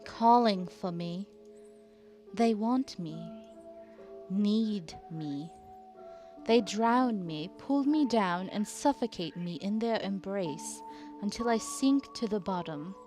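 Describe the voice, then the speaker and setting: A woman voicing a haunted, fearful woman who hears whispers, in a put-on British accent and slow, hushed delivery. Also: mid-range voice, lively intonation, soft background music.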